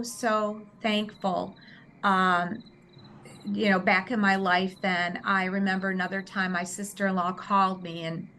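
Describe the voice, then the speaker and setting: A woman guest tells a personal story in a middle-pitched, earnest voice. She talks in a lively, conversational way and keeps adding "you know" as she goes. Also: a little hiss or hum.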